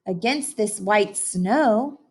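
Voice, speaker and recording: A woman reading aloud and voicing an excited fox from a picture book, with a high squealing voice and slow drawn-out words. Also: husky, exaggerated voice. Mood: proud.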